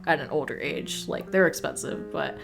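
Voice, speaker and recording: A woman's voice: low-pitched, moderate pace, gravelly, soft background music. A young woman telling a casual story-time vlog, chatty and swearing a lot. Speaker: vlogger.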